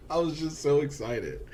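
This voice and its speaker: A man co-hosting a podcast in casual movie chat, rambling and laughing, his voice jumping up high when he jokes. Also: slight background noise. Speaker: podcast co-host.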